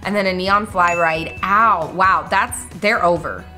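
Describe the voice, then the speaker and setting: A woman hosts a gaming channel, talking directly to viewers while she plays, bubbly and given to squeals and gasps as she excitedly narrates the game. Her voice is lowish, pushed and bright, at a measured pace, with music playing in the background.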